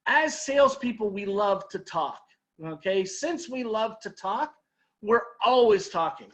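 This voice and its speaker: A man's voice: high voice, lively intonation, a little slow, a bit bright. A man leading a sales training talk, telling an anecdote and acting out his customers' lines, with emphatic repeated advice.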